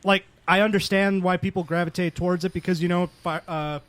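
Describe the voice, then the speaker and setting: A man in his twenties co-hosting a podcast, telling a story in a rambling, halting way. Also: high voice, fairly even intonation, a bit bright, smooth, no room sound. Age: 20s. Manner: rambling, halting, with many fillers. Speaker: podcast co-host. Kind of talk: casual storytelling chat.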